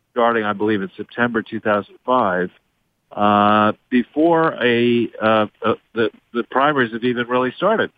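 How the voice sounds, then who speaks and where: Over a dry, phone-like line with no echo, a man with a lowish voice gives his views as a guest commentator in a political interview, using formal, legalistic phrasing.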